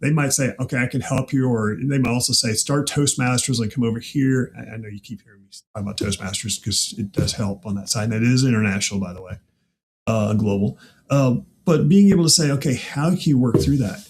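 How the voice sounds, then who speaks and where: A man's voice: medium pitch, brisk, slight background noise. Laughing Midwestern-raised man hosting a chat. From American Midwest. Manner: animated, laughs often, rhetorical asides. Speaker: podcast host. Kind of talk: casual chat.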